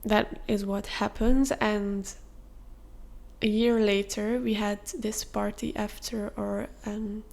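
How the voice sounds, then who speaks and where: A young woman hosting a podcast, telling a personal story in a candid, confessional way with soft fillers. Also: medium pitch, little pitch movement, slow, vocal fry. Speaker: podcast host.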